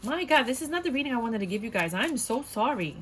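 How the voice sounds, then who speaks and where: A woman's voice: on the high side, big pitch swings, fast, fairly bright tone. Blunt, outspoken woman tarot reader. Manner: blunt and outspoken, swears often; emphatic and indignant, repeats points. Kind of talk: casual tarot reading for viewers.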